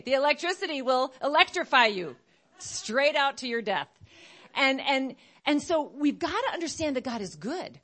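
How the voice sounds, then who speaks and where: A woman preaching a sermon in an animated way, acting out other voices as she speaks. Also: sits high, moderate pace.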